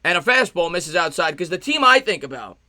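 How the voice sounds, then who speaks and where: Host type: fired-up New guy, high, piercing voice, dry close mic, live play-by-play. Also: big pitch swings, dry recording. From New York. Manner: loud, passionate, fast-talking. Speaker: livestream sports host. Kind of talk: live play-by-play and chat reaction.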